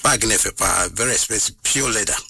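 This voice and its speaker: A man, recounting a personal story as an interview guest in an animated way and slipping into English phrases. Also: on the low side, fast talker, gravelly, husky, no echo, far from the mic. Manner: animated, mixes in English phrases, acts out what others said.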